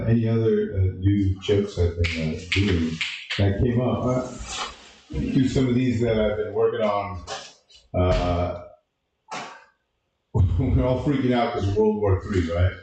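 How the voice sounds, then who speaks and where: A man doing an open-mic stand-up set, halting with lots of uh and restarts. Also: fairly low pitch, far from the mic, noisy background. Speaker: stand-up comedian. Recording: echoey room from a live mic.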